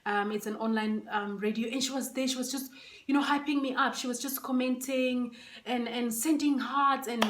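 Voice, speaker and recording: A woman's voice: fairly high pitch, fairly even intonation, normal speed, fairly bright tone. Emotional woman near tears, echoey room. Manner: emotional, fighting back tears, many fillers. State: close to tears. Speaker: vlogger. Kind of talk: casual unboxing chat. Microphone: phone camera.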